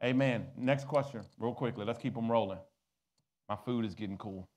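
A pastor preaches a sermon in a mid-range voice at normal speed, calling on his congregation to answer back. His preaching rises to loud exhortation as he draws responses from the audience.

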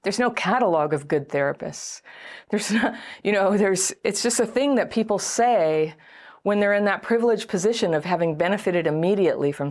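A middle-aged woman talks straight to her viewers about dating and trauma. Her voice sits fairly low, and her delivery is loose and conversational. She brings the advice to life by acting out the voices of others. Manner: chatty, animated, acts out quoted voices. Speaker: relationship and trauma advice host. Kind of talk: casual direct-to-camera advice talk.

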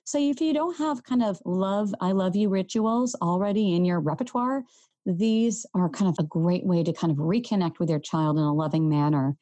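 Gentle earnest woman hosting a parenting podcast, mellow lowish voice, dry close mic. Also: normal speed, no room sound. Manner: earnest, gentle, speaks to listeners directly. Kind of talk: solo podcast talk.

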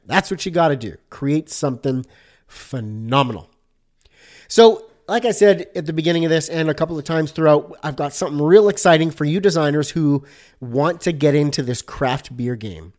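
A man's voice: mid-range voice, a little mellow. A man hosting a casual solo podcast about design, upbeat and chatty, with many fillers.

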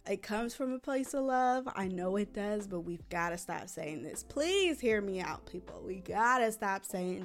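A woman hosting a parenting podcast, talking through advice in a chatty way, often checking in with quick tag questions and acting out the things parents say. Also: on the high side, soft background music. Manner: chatty, ends points with frequent tag questions; acts out parent phrases in a raised voice. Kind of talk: conversational advice talk.

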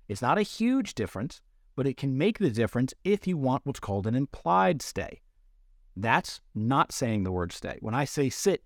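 A man's voice: medium pitch, no echo. A man talks through dog training on his podcast, plain and practical, leaning on everyday comparisons. His voice sits in a middle register and sounds dry and close, with no room around it. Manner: explanatory, uses everyday analogies. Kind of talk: instructional podcast talk.

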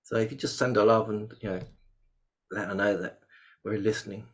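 A man's voice: fairly low pitch, a little fast. Chatty man hosting a video call. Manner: chatty, jokey, lively bursts of excitement. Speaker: host. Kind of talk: casual webinar chat.

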